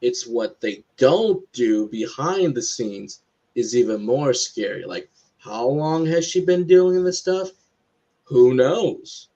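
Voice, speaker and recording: Casting: male co-host, mid pitch, emphatic and opinionated, slightly muffled lo-fi sound. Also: lively intonation, slow pace, dark tone. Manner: opinionated, emphatic film takes. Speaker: podcast co-host. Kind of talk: casual chat. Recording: slightly dull lo-fi audio.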